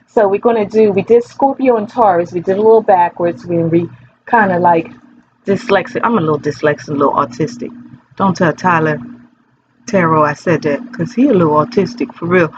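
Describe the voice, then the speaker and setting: A woman's voice: on the low side, fairly quick, noisy background. Woman tarot reader, casual rambling vlog delivery, dull lo-fi recording with faint background ambience. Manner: chatty, rambling, playful.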